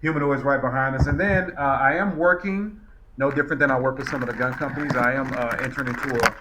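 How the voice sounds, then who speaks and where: A man's voice: medium pitch, fast, background noise. A man chatting casually as a podcast guest, rambling along with lots of fillers. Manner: rambling, relaxed, many fillers. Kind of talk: casual chat.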